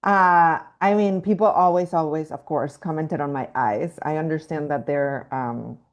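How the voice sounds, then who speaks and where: A young Mexican woman with a light accent appears as a guest actress in a casual interview, speaking reflectively with many fillers and restarts. Her voice is low, her speed normal, and the audio dull.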